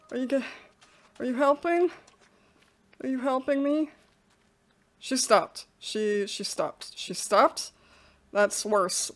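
A young woman commenting on a horror game as she plays, jittery and panicky, breaking into nervous laughter. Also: sits high. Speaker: gaming video host. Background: game music.

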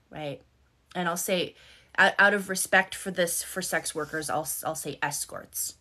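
Candid, low-voiced woman live-streaming. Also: a little slow, pushed and bright. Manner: candid, swears freely, repeats words for emphasis. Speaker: life coach and content creator on a live stream. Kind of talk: casual live-stream storytelling.

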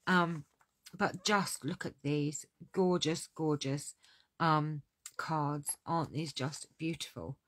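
A middle-aged woman, a crafting demonstrator, chats casually through a craft catalogue, gushing and repeating her praise. Her voice is deep and slow, and the recording is dry.

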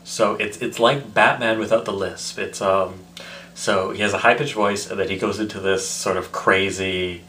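A man's voice: fairly low pitch, steady tone, moderate pace, pushed and bright, slight background noise. A tipsy man rambling in a casual, self-mocking vlog. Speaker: vlogger.

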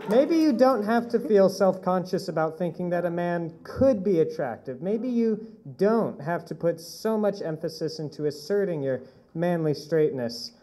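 A man performing spoken word poetry on stage in a wry, mocking, expressive way. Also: sits high, a little slow. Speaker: slam poet. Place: live poetry event on stage.

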